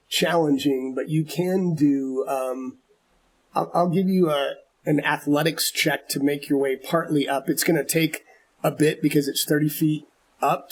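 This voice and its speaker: Male game master, gravelly and husky, a little high, patient rules explainer. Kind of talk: narrating a tabletop game.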